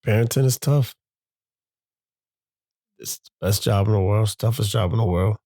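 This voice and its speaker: A man's voice: fairly low pitch, moderate pace, warm tone, no echo. A man, a father hosting his own show, speaking in a candid, confessional monologue that halts and repeats as he gathers his thoughts.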